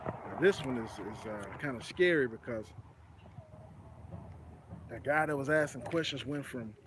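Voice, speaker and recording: A mid-pitched man from North Texas hosts a live commentary show, talking the news through in an easygoing storytelling way. He drifts into preachy asides and leans on "you know what I'm saying", and a faint hiss sits under his voice. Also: a little slow. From Dallas-Fort Worth area, Texas. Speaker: host of a commentary channel.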